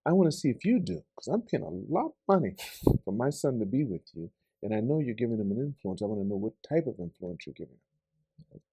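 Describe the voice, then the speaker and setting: A middle-aged man hosting a podcast interview, chatty and animated, cutting in with his own stories. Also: fairly low pitch, brisk, husky, no room sound. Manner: animated, interjects and tells anecdotes. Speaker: podcast host. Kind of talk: conversational interview.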